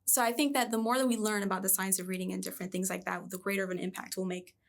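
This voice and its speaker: Woman in her thirties, reading coach, podcast interview, expressive storyteller, medium pitch. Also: racing, creaky. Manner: animated storyteller, lively voice jumps.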